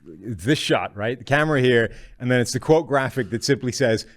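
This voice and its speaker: A man with a mid-range voice co-hosts a podcast. He chimes in with teasing quips and laughs along in relaxed, casual banter. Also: mid-range voice, moderate pace. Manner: teasing, jokey interjections. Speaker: podcast co-host.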